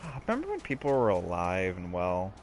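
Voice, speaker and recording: A man's voice: sits low, huge pitch swings, a little fast, a little hiss or hum. A man chatting playfully and laughing often while playing a video game with a friend. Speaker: let's play co-host. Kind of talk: casual gameplay chat.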